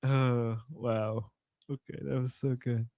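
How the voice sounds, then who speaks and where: Slow, amused male co-host. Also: medium pitch, flat delivery, warm tone, dry recording. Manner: amused, laughs often, playful. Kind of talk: casual commentary chat.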